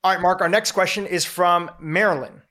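A man co-hosting a podcast, reading out listener questions and asking follow-ups in a measured, unhurried way. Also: high-pitched, steady tone, bright, forceful tone. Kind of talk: casual podcast moderation.

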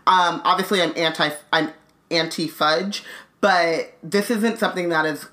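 A woman's voice: fairly low pitch, steady tone, unhurried, a bit bright. A woman co-hosting a podcast, reading a book aloud and breaking off to chat casually. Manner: chatty, many "like" fillers, laughs often.

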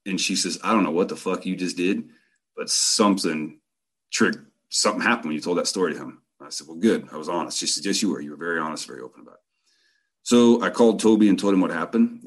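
A middle-aged man telling a personal story in a candid, profane, rambling way. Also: sits low. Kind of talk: casual storytelling.

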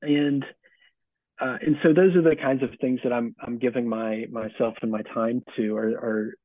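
A middle-aged man answering interview questions as a book's author, casual and halting, with many restarts and fillers. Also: medium pitch, fairly even intonation, no echo. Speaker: author and guest. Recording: tinny phone-like call audio.

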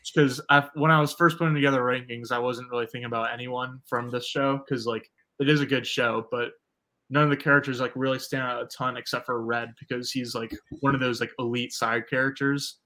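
A man's voice: medium pitch, fairly even intonation, a little fast, bright, forceful tone. A man co-hosting a podcast, chatting in a laid-back way with many filler words. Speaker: podcast co-host. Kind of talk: casual chat.

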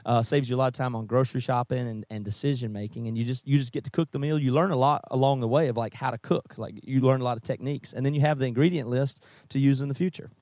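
A man's voice: medium pitch, steady tone, fast talker, hardly any pauses, darkish tone, dry recording. Brief: male podcast host doing a casual, upbeat sponsor read, mid-range voice, dry close mic. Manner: upbeat, chatty.

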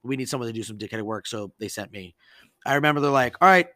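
A man hosting a podcast, telling stories in a casual, animated and profane way and acting out the people he quotes. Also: mid-range voice, quick pace, dry recording. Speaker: podcast host. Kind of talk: casual storytelling chat.

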